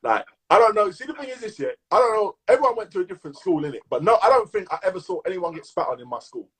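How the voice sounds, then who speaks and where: A man with a London accent co-hosting a podcast, chatting casually in lively slang and hyping his listeners. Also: high-pitched, very fast, slightly rough. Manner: animated slang-heavy banter, hyping listeners. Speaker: podcast co-host. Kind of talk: casual chat.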